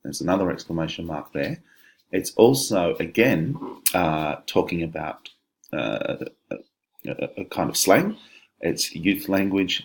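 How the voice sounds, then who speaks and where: A man, a teacher talking students through an exam paper in a conversational, explanatory way, with frequent fillers and restarts. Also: low voice. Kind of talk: exam walkthrough lesson.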